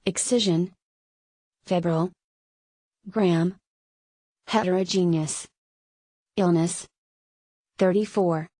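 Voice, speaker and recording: A woman reads a medical terminology lesson aloud in a steady, deliberate way. Her voice sits a little low and moves slowly. The sound is close and dry, with no room around it. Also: no room sound, rough recording. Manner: flat, measured word-by-word reading. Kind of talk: reading textbook pages aloud.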